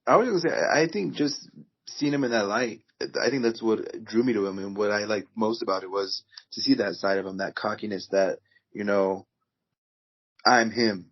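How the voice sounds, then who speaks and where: A man who is a new co-host on a sports podcast, speaking in a measured, thoughtful way in casual chat. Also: fairly low pitch, breathy edge. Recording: dull, lo-fi.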